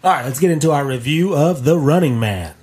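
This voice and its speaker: A man co-hosting a casual movie review podcast, reading facts from his notes in an even-tempered way. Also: on the high side, brisk, slightly rough. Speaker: podcast co-host.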